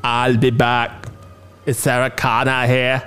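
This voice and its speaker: A man doing an impression of a deadpan male cyborg killer with a flat, clipped delivery. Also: mid-range voice, takes it slowly, smooth, faint music behind, voice pushed down.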